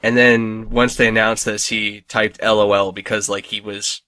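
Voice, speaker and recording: A man's voice: lowish voice, little pitch movement, moderate pace, sharp tone, clean tone. A young man co-hosting a podcast in casual chat, rambling with many fillers and restarts. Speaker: podcast co-host.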